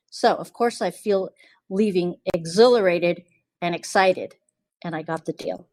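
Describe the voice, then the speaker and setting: A woman hosts her podcast and tells a personal story. She sounds casual and confiding, and she acts out other people's lines in lively asides. The recording is dry and close, with no room sound. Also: lowish voice, measured pace, dry recording. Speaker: podcast host.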